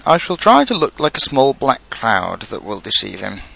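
A man's voice: mid-range voice, wildly swooping pitch, normal speed, vocal fry, sharp tone, heavily acted. A man voicing an earnest, anxious little bear in a storybook reading, musing and solemn. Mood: thoughtful.

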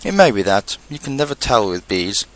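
A man's voice: lowish voice, sing-song, fairly quick, a bit bright. A man voicing an earnest, anxious little bear in a storybook reading, musing and solemn.

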